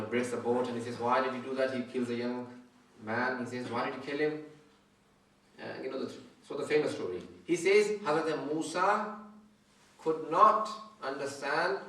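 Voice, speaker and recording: A man's voice: medium pitch, a bit bright. A man giving a religious lecture to an audience, explaining step by step and often checking whether listeners follow. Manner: says he usually speaks very fast. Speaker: Islamic scholar giving a lecture. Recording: echoey hall, mic far off.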